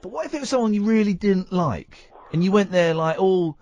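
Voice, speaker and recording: A man's voice: sits high, lively intonation, darkish tone, no echo, muffled recording. A man hosting a radio show, chatting casually and teasing his co-host. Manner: playful, teasing, quick to joke.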